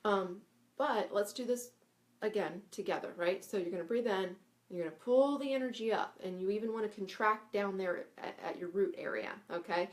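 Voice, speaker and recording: A woman teaching spiritual breathing exercises in a casual live lesson. She talks in a loose, chatty way and keeps checking in with 'right?' and 'okay?'. She demonstrates breathy sounds and chants along the way. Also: medium pitch, normal speed. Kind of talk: casual live instructional talk.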